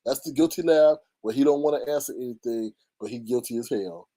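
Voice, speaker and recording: A man hosting a casual gossip commentary, animated and mocking, often jumping into high squeals. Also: a little fast, no echo. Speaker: YouTube commentary host.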